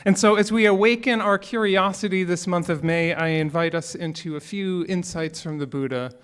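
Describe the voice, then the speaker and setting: Male minister, fairly high voice, relaxed conversational sermon with humor. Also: normal speed, clean tone. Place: church sanctuary.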